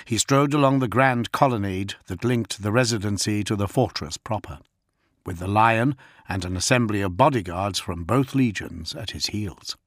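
Male audiobook narrator, even measured read, dry close mic. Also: on the low side, dry recording.

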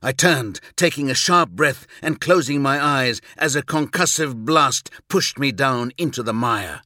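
A man reading a scripted first-person audiobook story, with measured, intense and vivid delivery. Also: medium pitch, bright, forceful tone, no echo, studio quality. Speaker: audiobook narrator.

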